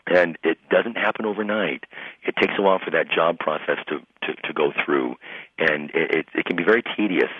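Deep husky pastor on a phone line. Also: male voice, brisk, dry recording. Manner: animated storyteller, acts out quoted voices. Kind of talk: radio interview, storytelling. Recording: tinny phone-line sound.

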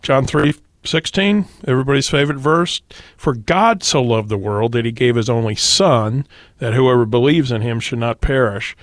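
A man speaks as a pastor on a radio discussion, patient and teacherly as he works through verses, with the odd "uh" along the way. His voice sits at an ordinary pitch. The recording is close and dry, with no room sound. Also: normal speed, no room sound. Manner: teacherly, quotes scripture, occasional fillers. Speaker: pastor, guest. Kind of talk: radio discussion, explaining doctrine.

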